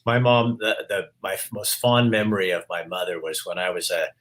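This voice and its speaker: A man's voice: low-pitched, a little fast, fairly bright tone. A middle-aged man hosting an interview, telling a personal story in a reflective, casual way. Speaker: host.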